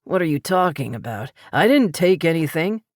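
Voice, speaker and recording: A woman's voice: deep voice, sing-song, moderate pace, no room sound, clean studio sound. A woman voicing a confused, nervous man who insists a dog is his, in an audiobook. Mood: defensive. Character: stubborn confused man defending a dog he claims.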